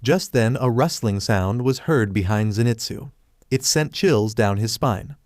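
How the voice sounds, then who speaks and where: A man of middling pitch tells a fan-written story in an even, plain manner. The sound is close and dry, with no room around it. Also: measured pace, dry recording. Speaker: fan fiction narrator. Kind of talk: scripted story narration.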